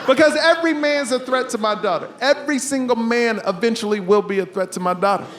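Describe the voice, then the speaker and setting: A man in his thirties doing a stand-up comedy set on a club stage, with animated, punchy delivery and shouted punchlines. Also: very high-pitched, fast. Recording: echoey room with background noise.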